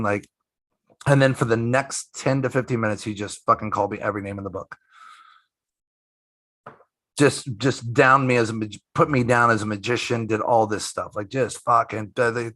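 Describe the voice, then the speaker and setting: A middle-aged man from the United States tells a story in a loose interview, with plenty of swearing and repeated phrases. His voice sits in an ordinary middle pitch. The sound is close and dry, with no room around it. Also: steady tone, moderate pace, long pauses, a bit bright, no room sound. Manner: emphatic, profane, repeats himself. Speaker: guest magician.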